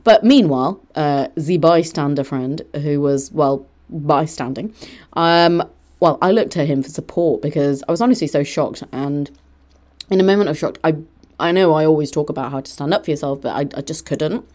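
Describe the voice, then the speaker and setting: Young female podcast host, a touch low-pitched, chatty and animated, recording from her bedroom. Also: moderate pace. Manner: animated, mimics others in quoted lines. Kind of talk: casual storytelling monologue. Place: bedroom at home.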